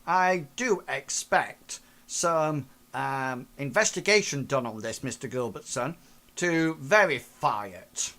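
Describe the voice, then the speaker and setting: Guy doing a stern pompous boss man, formal and pushy, voice pitched up a bit. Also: expressive, slow, sharp tone, heavily acted. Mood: demanding. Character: pompous demanding male corporate boss.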